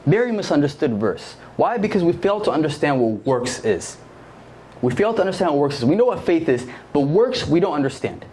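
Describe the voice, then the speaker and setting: A man's voice: on the high side, darkish tone, a little hiss or hum. Slangy young man preaching to youth. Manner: conversational, slangy, quizzes the audience with questions. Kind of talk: casual sermon. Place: church service.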